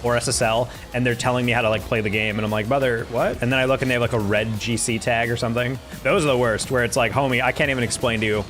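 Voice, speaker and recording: A man's voice: medium pitch, flat delivery, fast talker, few pauses, a bit bright, soft background music. Laid-back young man ranting at chat. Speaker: streamer. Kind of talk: casual gameplay commentary to chat.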